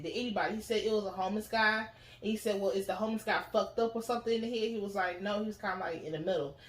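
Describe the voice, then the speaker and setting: A woman recaps a TV episode in loose, profane chat. She talks a little high and jumps into voices for the characters. The room around her has a noticeable echo. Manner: animated storytelling, acts out characters in voices. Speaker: TV recap host. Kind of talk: casual profane show recap.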